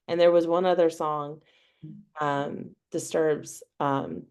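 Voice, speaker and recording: Low-voiced woman, rambling chat. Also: fairly even intonation, slow pace, darkish tone, smooth. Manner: rambling storytelling with many fillers. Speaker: guest. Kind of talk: casual chat. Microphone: video call.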